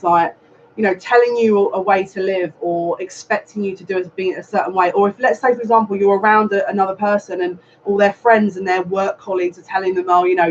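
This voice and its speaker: A man giving a live tarot reading, earnest and repetitive, speaking straight to the viewer. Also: high voice. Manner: earnest, repetitive, advising directly. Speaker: psychic reader. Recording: dull lo-fi sound with faint noise.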